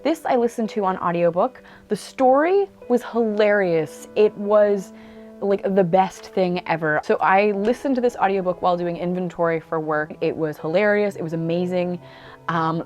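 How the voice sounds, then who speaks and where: A woman's voice: fairly low pitch, darkish tone, lo-fi sound. A woman talking casually about books she has read, chatty and enthusiastic, with lots of "like" and "um". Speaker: book vlogger. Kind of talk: casual book review monologue. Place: indoors at home. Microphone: camera mic.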